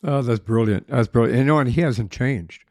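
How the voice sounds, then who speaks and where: A man's voice: medium pitch, normal speed, darkish tone, dry recording, studio quality. A man hosting a podcast, telling easygoing, rambling anecdotes in conversation. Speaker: podcast host. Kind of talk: conversational interview.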